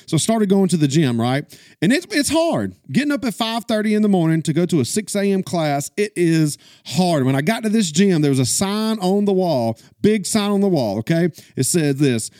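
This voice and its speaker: A middle-aged man, hosting a podcast as a pastor and coach, energetic and preachy, often saying "listen" and "guys". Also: high voice, dry recording, studio quality. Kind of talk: podcast monologue.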